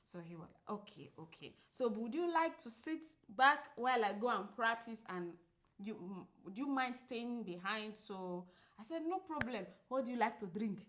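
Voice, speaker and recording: Lively woman acting out a story. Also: moderate pace. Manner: animated, acts out quoted dialogue with big pitch jumps; laughs often while telling. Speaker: podcast co-host. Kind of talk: casual storytelling chat.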